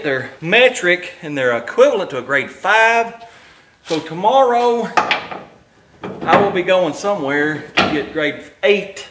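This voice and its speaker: Folksy man in his garage, slightly raised pitch, out of breath, easygoing drawl. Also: heavy background noise. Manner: folksy drawl, rambling and self-deprecating. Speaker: garage channel host. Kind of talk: casual workshop vlog. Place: home garage.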